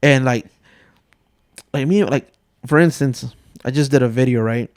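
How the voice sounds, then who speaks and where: A man's voice: medium pitch, a little slow, a little mellow, dry recording, clean studio sound. Joking man telling family stories. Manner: joking, storytelling, swears freely. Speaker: podcast host. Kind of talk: casual chat.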